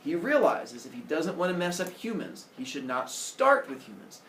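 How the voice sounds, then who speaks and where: Brief: jokey, animated male teacher; roomy classroom with faint background hum. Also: a little high, moderate pace. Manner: jokey, animated, teasing the students. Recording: echoey classroom.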